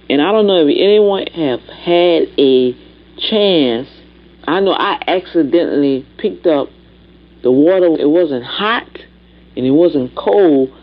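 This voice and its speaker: A woman preaching a sermon, with lively call-and-response asides to the congregation. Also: deep voice. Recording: dull lo-fi recording.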